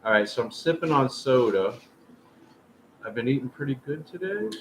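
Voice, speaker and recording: Speaking at a moderate pace in an expressive mid-range voice, a livestream host rambles chattily straight to his audience in a casual chat. The room around him is noisy.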